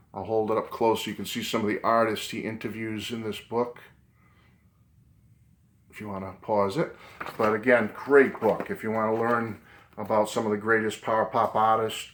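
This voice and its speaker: A man's voice: on the low side, fairly bright tone. A man with a Boston accent hosting a casual video lesson, chatty and fond of repeating himself. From New England. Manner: chatty, repeats "okay" and "great book". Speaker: video host.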